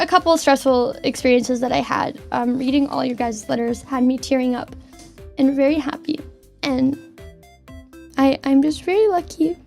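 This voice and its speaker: Chatting heartfelt from her home desk, a young female streamer from Canada stammers and repeats words in casual conversation. She has a high, creaky voice.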